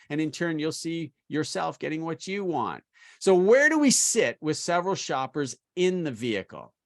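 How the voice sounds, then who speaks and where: A middle-aged man delivers a sales training lesson in a voice pitched a little high for a man. He coaches with energy and emphasis, often lifting the ends of his phrases. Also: fairly bright tone. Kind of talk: instructional talk to car salespeople.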